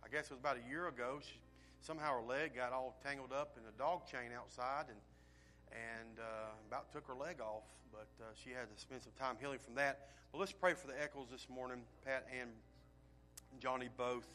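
A man, a pastor giving a folksy church welcome and announcements, with frequent fillers and swells in loudness. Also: mid-range voice, fairly even intonation, brisk, soft background music.

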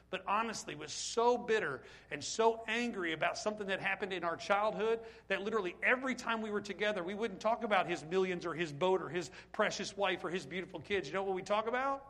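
A male pastor preaching a sermon, speaking high in his range. His tone is bright and forceful, and he keeps firing questions at the congregation. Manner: animated, rhetorical questions to the congregation.

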